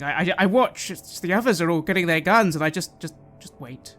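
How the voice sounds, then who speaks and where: A player in a tabletop horror game who speaks hesitantly and softly, stammering over words. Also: medium pitch, lively intonation, fairly quick, faint music behind. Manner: hesitant, stammering, soft-spoken. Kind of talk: playing a character in a tabletop game.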